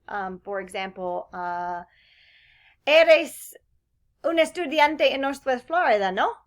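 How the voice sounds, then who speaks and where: A woman teaching a recorded Spanish lesson, explaining question types and modeling example phrases with a rising question inflection. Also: fairly high pitch. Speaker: Spanish instructor. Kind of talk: recorded lecture.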